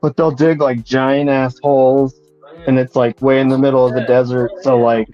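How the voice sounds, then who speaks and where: A relaxed man chats in short, easy replies. His audio is muffled and lo-fi, with faint music in the background. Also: medium pitch, moderate pace. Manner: laid-back, brief replies. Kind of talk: casual chat.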